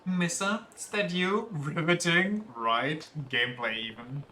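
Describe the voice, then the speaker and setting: A man's voice: a little high, lively intonation, measured pace, pushed and bright, a little hiss or hum. A man streaming a video game, chatting casually and joking crudely as he plays, often laughing. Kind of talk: casual let's-play commentary. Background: faint game music.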